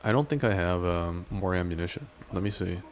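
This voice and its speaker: A man casually commenting on his gameplay and chatting with his viewers in a relaxed way. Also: deep voice, brisk, slight background noise. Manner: relaxed, chatty, talks to chat. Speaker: game streamer.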